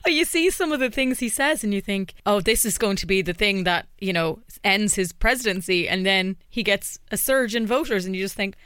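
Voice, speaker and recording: Bright, chatty woman interviewer. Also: medium pitch, animated, smooth, no echo. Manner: chatty and upbeat, quick to laugh. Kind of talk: casual interview chat.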